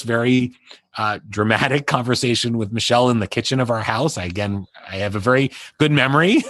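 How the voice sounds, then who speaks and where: A man's voice: mid-range voice, fairly bright tone, no room sound. A middle-aged man, a guest on an interview show, telling a personal story in a rambling way full of "you know" and restarts. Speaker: interview guest, entertainment publicist.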